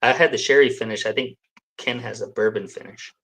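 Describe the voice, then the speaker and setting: A man joins a live stream over a video call as a guest, chatting casually during a whiskey tasting. He's hesitant, full of fillers, and pokes fun at himself, in a mid-range voice that's fairly quick, creaky, pushed and bright, and slightly rough.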